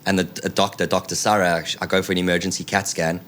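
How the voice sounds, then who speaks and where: A man in his thirties, a podcast guest telling a long, animated story, rambling with lots of "like" and acted-out quotes. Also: low voice, fast talker, slight background noise. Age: 30s.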